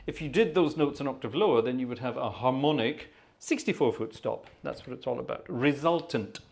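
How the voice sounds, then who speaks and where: A man's voice: medium pitch, brisk, vocal fry, darkish tone. A middle-aged man hosting a live organ stream, rambling through explanations in a chatty, self-mocking way. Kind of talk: casual live-stream chat.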